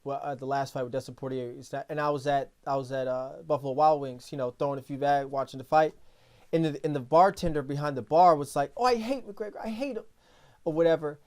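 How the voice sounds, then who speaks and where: A man hosting a podcast in casual talk, telling stories in a rambling, animated way with many restarts. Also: mid-range voice, fast. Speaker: podcast host.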